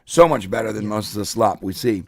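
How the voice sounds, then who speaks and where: Congested, gravelly-voiced man host. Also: fairly low pitch, brisk, no room sound, studio quality. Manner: rambling, joking, frequent fillers and throat clearing. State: congested, hoarse voice. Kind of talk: casual podcast chat.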